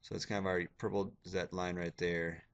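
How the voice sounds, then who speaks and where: A man with a very low voice records a lecture for his class while clicking through slides. He talks casually and jokes a little as he explains the material to his students. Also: flat delivery, fairly quick, creaky, muffled recording. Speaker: science teacher.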